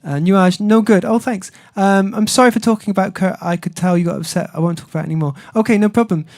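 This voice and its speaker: A man's voice: high-pitched, fairly even intonation, fast, darkish tone. Rambling man chatting on stream. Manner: rambling, self-deprecating, many fillers. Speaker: singer-songwriter streamer. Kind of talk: casual livestream chat.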